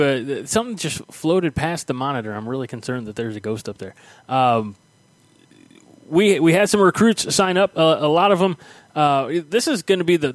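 A man hosting a podcast from home, chatting casually and rambling with many pauses and fillers. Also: on the high side, dry recording. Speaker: podcast host. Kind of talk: casual chat.

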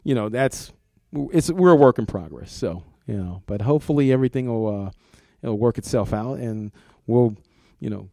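A man's voice: mid-range voice, normal speed, creaky, few pauses, mellow, dry recording. A middle-aged man, a comics art director, talking casually in an interview, rambling and repeating words, laughing often.

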